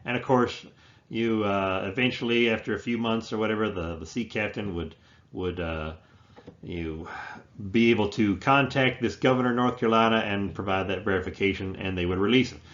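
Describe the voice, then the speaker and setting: Male history teacher, lecture, halting delivery with many fillers, low voice, muffled recording. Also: fairly bright tone. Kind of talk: classroom lecture.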